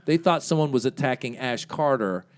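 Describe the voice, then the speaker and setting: A male comedian telling an animated, rambling story to a live club audience, full of restarts. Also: mid-range voice, normal speed. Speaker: guest comedian. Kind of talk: comic storytelling on a live podcast.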